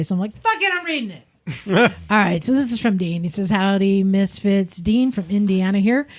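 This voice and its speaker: A woman hosts a relaxed podcast chat at a middling pitch. She reads listener emails aloud, and she breaks into laughter often as she goes. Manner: laughs often, chatty and loose. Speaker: podcast host.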